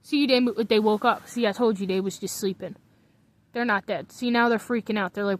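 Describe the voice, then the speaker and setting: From her bunk bed in her bedroom, a vlogger idly rambles to herself, drifting from one thought to another. Her medium-pitched voice is steady and fairly quick as she muses aloud in casual commentary.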